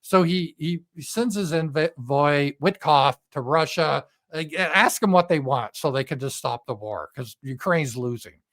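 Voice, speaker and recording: A man's voice: a little high, measured pace, hardly any pauses, a bit bright. A man giving a casual political commentary monologue in a blunt, profane, sarcastic manner.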